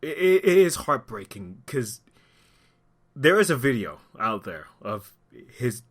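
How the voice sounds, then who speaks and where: A man's voice: sing-song, slow. Heated, sarcastic man vlogging his opinions. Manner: heated, sarcastic, rising to indignant outbursts; talks through being upset, voice dropping low at times. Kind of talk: impassioned opinion commentary.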